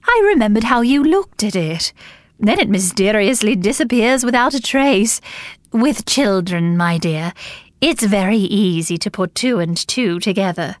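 A woman reading an audiobook voices a brisk, blunt elderly woman who talks in a matter-of-fact way. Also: mid-range voice, lively intonation, no room sound, studio quality, lightly acted. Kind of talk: audiobook character voice.

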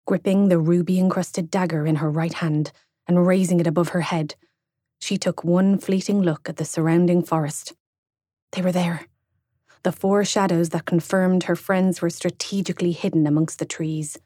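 A young adult woman narrating an audiobook in a slow, measured storytelling read. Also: lowish voice, fairly even intonation, warm tone, no echo, clean studio sound. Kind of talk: scripted narration.

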